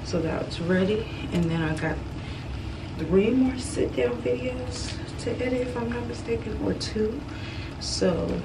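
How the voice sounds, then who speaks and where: Young woman vlogging, low voice, far from mic. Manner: chatty, loose and informal. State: out of breath after climbing stairs. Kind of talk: casual vlog chat. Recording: distant camera mic with background noise.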